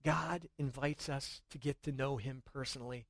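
A middle-aged man preaching a sermon in a church, earnest and rising to excited emphasis at times. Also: mid-range voice, normal speed, vocal fry, no room sound. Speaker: pastor.

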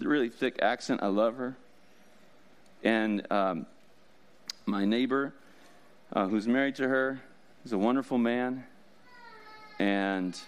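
A man's voice: mid-range voice, smooth. A man preaching a sermon as pastor, in a casual, joking way with frequent laughs.

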